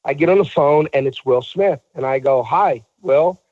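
A man's voice: fairly high pitch, moderate pace, no echo, phone-quality sound. A man telling a story in a casual talk show, acting out the voices of the people he quotes.

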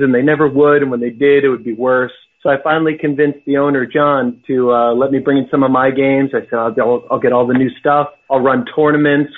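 A man from Massachusetts, a guest talking casually with lots of fillers and easy laughs. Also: medium pitch. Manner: chatty, laughs easily, many fillers. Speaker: guest, pinball operator. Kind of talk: casual chat. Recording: tinny phone line.

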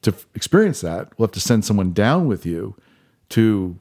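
A man voicing a kindly, patient God who explains things calmly. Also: lowish voice, moderate pace.

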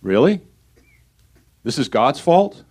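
A man's voice: mid-range voice, big pitch swings, takes it slowly, darkish tone, breathy edge. A male pastor preaching a sermon, reading scripture aloud and putting rhetorical questions to his congregation.

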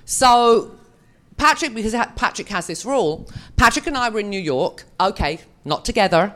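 Here the actress talks at an ordinary speed in an expressive, mid-range voice. She's on a convention panel, entertaining a live audience with gossipy anecdotes that poke fun at herself.

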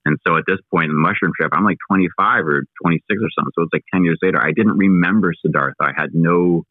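A low-voiced man in his thirties tells a long personal story, stumbling over words and swearing freely. His voice comes through a thin, phone-like remote line. The sound is dry, with no room echo. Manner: excitable, halting, swears freely. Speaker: guest.

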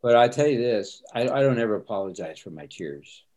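A man's voice: medium pitch, expressive, a little fast, darkish tone, lo-fi sound. A middle-aged man, a pastor, speaking earnestly and reflectively in a conversation, often repeating words as he starts sentences. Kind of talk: conversational interview answers.

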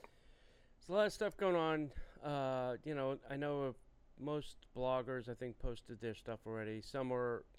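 Smooth-voiced laid-back man. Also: mid-range voice, a little slow. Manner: laid-back, agreeable, hedging. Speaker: podcast co-host. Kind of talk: casual chat.

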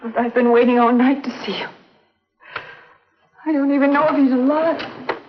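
An actress voicing an anxious young wife, pleading and distressed, with a fairly high voice. The audio is dull and lo-fi, like an old radio broadcast. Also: female voice, fairly even intonation, moderate pace, slight background noise, close to an everyday voice. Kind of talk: 1950s radio drama acting. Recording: dull lo-fi 1950s recording.

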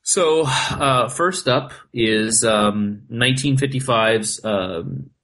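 A man's voice: medium pitch, slow pace, a bit bright, low-quality recording. A man co-hosting a podcast in loose casual chat, swearing a lot and filling his talk with "like". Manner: loose, heavy swearing and filler "like". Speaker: podcast co-host.

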